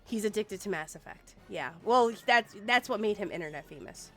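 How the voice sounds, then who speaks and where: Woman game streamer, 40s, lively casual chat over faint background music. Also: mid-range voice, moderate pace. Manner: chatty, animated, swears casually.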